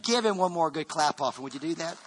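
A man's voice: on the high side, expressive, fast talker, a little hiss or hum. A man preaching a sermon to his congregation as pastor, fervent, often restarting and repeating words.

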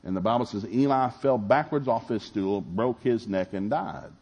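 A man's voice: on the low side, moderate pace, darkish tone, husky. A middle-aged male pastor preaching a sermon in a folksy storytelling manner, acting out Bible dialogue. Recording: dull lo-fi sound.

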